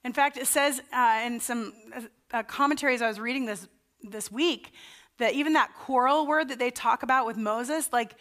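Woman pastor, slightly high voice, chatty sermon delivery that acts out voices. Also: normal speed, a bit bright. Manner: conversational storytelling, acts out the Israelites' panicked voices.

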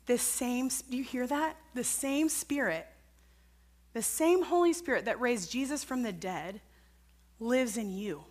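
A woman's voice: a little high, unhurried, a little mellow. A woman preacher, around middle age, telling a personal story in her sermon in an earnest, conversational way, with a lot of casual fillers.

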